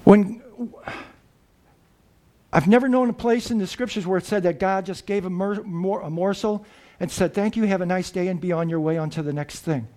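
A man preaching a sermon, earnest and reflective, pausing and restarting as he explains. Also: high voice, darkish tone.

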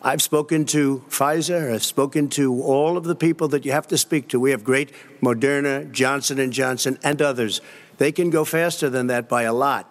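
A man's voice: medium pitch, steady tone, moderate pace. An older man in a political debate, combative and repetitive, talking over others. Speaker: debate candidate.

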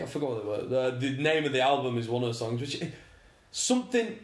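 A man's voice: medium pitch, very animated, fast. Chatty young man in an echoey room. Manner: agreeable, chatty, swears casually. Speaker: podcast co-host. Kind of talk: casual chat.

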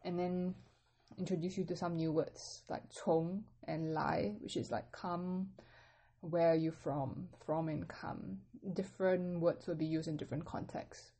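A woman teaching a casual language lesson, patiently explaining step by step with relaxed fillers. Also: fairly low pitch, normal speed.

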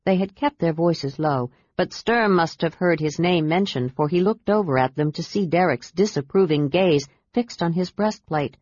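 Low-voiced woman reading a fantasy audiobook. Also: moderate pace, few pauses, darkish tone, no echo. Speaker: audiobook narrator. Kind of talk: scripted narration. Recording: dull dry audiobook recording.

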